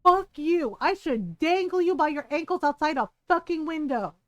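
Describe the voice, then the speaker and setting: A woman streams a game and rants at its characters, swearing freely in mock outrage. Her voice sits high and sounds close and dry. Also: lively intonation, moderate pace, fairly bright tone, no room sound, dull audio. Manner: profane, ranting, mock-outraged. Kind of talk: casual game-stream commentary.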